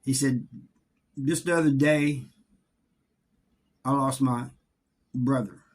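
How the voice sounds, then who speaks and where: A middle-aged man telling a story from his time in prison in a casual, halting way, often repeating words. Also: mid-range voice, steady tone. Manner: halting, repeats words, drawling Southern-sounding grammar.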